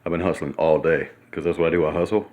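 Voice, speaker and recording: A man in his thirties, excitable and rambling in a casual vlog monologue, sometimes talking while eating in a hotel room. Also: extremely low pitch, fast talker. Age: 30s. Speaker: vlogger.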